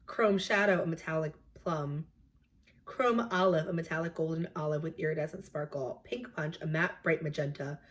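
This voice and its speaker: A young woman with a slightly low voice, talking through new makeup releases in a chatty, opinionated way. She fills her sentences with "like" and "um" as she reviews products for her beauty channel. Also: normal speed. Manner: chatty, opinionated, filler-heavy. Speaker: beauty vlogger.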